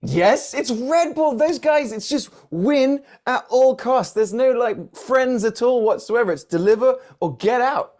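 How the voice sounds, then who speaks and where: A man co-hosting a casual motorsport podcast, chatting in a jokey, animated way. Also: extremely high pitch. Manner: animated, jokey, quick to mimic others. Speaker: podcast co-host. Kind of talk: casual chat.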